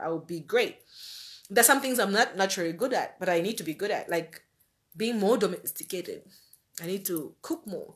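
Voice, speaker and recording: Woman, average pitch, earnest, conversational, motivational faith talk. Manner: earnest, conversational, repeats phrases for emphasis. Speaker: life-planning speaker.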